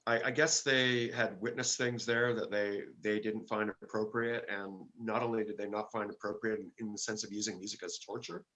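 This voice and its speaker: An older man, a guest musician, telling stories in a casual interview, halting and full of fillers and restarts. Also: lowish voice, little pitch movement, pushed and bright, muffled recording.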